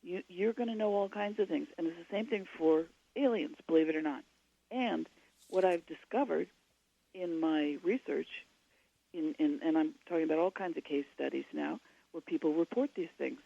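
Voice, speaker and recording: A woman's voice: low voice, moderate pace, vocal fry. A woman guest talking casually in a radio interview, chatty and full of restarts, heard over a remote line. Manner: chatty, many fillers and restarts. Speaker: guest author. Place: at home. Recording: slightly dull lo-fi line.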